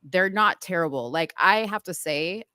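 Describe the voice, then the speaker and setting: A woman's voice: fairly low pitch, expressive, moderate pace, clear, resonant tone, no echo, clean studio sound. A woman co-hosting a casual livestream chat, teasing and laughing often. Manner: giggly, teasing, loud bursts of laughter. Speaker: co-host. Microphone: studio mic.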